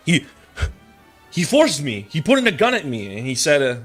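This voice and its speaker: A man's voice: fairly high pitch, wildly swooping pitch, normal speed, a bit bright, faint music behind. Rambling, joking young man streaming a game. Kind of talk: casual livestream chat.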